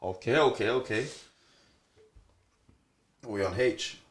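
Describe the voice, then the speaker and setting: A young man leading a casual word game among friends, animated and swearing. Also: mid-range voice, unhurried, echoey room. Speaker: game leader.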